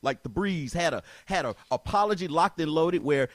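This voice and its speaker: A man hosting a talk show makes his case insistently, repeating himself and cutting in on the other voice. His voice sits a little high. The sound is dry, with no room echo. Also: animated, normal speed. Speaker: podcast host. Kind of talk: heated debate.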